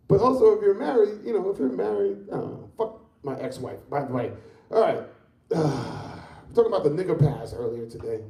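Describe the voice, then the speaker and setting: A man's voice: a little high, big pitch swings, moderate pace, creaky, darkish tone, roomy sound, distant mic. A fifty-year-old man doing a rambling, profane stand-up set in a comedy club. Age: 50s.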